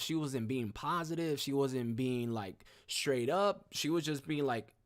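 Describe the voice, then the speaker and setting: A man hosting a live stream, telling his story in a casual, slangy, energetic way. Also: measured pace, hardly any pauses. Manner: slangy, energetic, peppered with "boom" and "mad cool".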